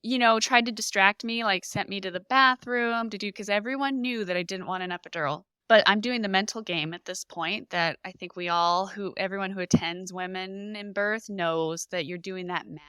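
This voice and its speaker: Woman, young adult, podcast guest; crisp, bright tone; emotional, lively storyteller, dry close sound. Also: mid-range voice, moderate pace, hardly any pauses, no echo. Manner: animated, emotional retelling with lively reenacted quotes. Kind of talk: personal storytelling in a podcast interview.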